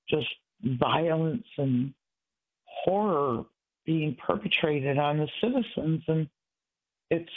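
Older man calling in on a tinny phone line. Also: fairly high pitch. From Michigan. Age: 60s. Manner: earnest, halting, rambling. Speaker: caller. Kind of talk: call-in radio talk.

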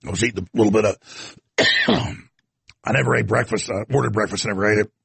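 A man's voice: fairly low pitch, fast, creaky, fairly bright tone, husky, dry recording. A man hosting a show and giving an off-the-cuff commentary monologue, rambling with stammered restarts and coughing now and then. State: coughing, throat irritated. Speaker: show host.

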